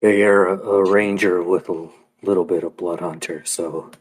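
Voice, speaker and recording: A man's voice: sits low, steady tone, normal speed, husky. A man playing in a tabletop game, joking around and swearing freely. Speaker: player. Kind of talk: casual tabletop game chat.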